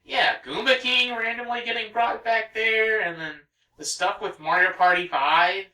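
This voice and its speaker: Bright, chatty let's play host. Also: mid-range voice, steady tone, unhurried, roomy sound, recorded from a distance, rough recording. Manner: chatty, rambling, wanders off on tangents. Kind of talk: casual gameplay commentary.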